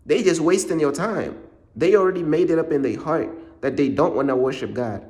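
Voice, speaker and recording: A man's voice: on the high side, a little fast, darkish tone. A man preaching in a casual monologue, blunt and repetitive, full of street slang.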